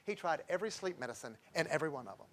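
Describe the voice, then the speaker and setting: Male doctor, fairly high voice, rambling health-talk lecturer with anecdotes. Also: animated, rapid-fire, a little hiss or hum. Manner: chatty, digressive, tells patient stories with chuckles.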